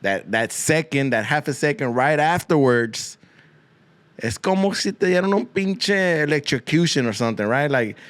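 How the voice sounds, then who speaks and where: A man's voice: a little high, expressive, normal speed, no room sound. A man hosting a podcast, rambling through a crude comic monologue full of swearing and Spanish slang, often repeating himself. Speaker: podcast host.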